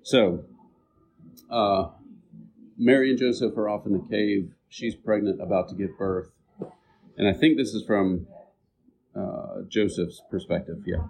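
Guy preaching a sermon, lowish mellow voice, chatty, talks right to the congregation. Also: measured pace, gravelly, long pauses, slight background noise, poor audio. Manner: conversational teaching, asides to the congregation. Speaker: pastor.

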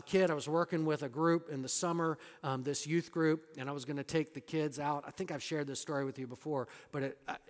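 High-voiced man preaching in a reverberant hall. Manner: emphatic preaching that drops to soft, hushed lines. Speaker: pastor. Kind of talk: sermon.

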